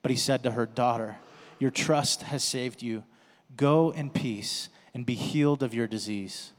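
A man giving a slow, deliberate scripture reading. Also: mid-range voice. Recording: echoey hall.

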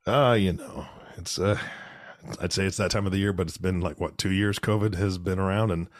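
A man co-hosting a podcast while hoarse from illness, relaxed and joking as he asks questions. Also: sits low, a little fast, dry recording, clean studio sound. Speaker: podcast co-host. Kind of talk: casual chat.

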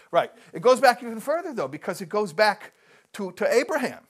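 At a moderate pace and in a voice on the high side, a man delivers jokes during a live talk, acting out characters with animation. He often starts over and repeats words.

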